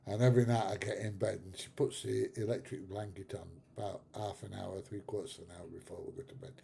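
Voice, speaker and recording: A middle-aged man with a gravelly, dark voice chats to his livestream viewers. He rambles through stories and laughs at his own jokes. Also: fairly low pitch. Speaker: livestream host. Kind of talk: casual chat with live viewers.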